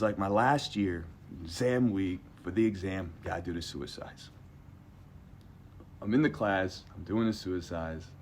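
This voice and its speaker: A man's voice: fairly low pitch, a little hiss or hum. A man telling a personal story to a live audience, rambling and conversational, emphatic as he acts out what others said. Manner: animated, emphatic, acts out quotes.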